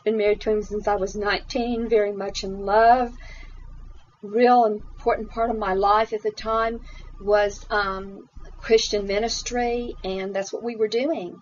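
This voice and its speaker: A woman's voice: medium pitch, flat delivery, a little slow, darkish tone. Interviewee, woman: earnest, emotional storyteller, dull lo-fi sound, faint hiss. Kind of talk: personal testimony in an interview. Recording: dull lo-fi recording.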